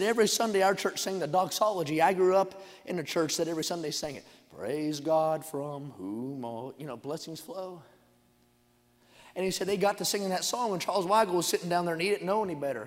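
High-voiced shouting preacher in a reverberant hall. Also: male voice, quick pace. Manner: loud, shouting and chanting preaching with quieter storytelling asides. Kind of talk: revival sermon. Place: church sanctuary.

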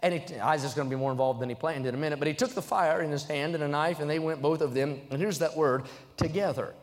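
Speaking quickly and with fairly even intonation, a young man with a fairly high voice preaches a sermon in a church sanctuary where a long hall reverb trails his words. He stresses each point, builds to loud, passionate climaxes, and pauses between points to read from scripture.

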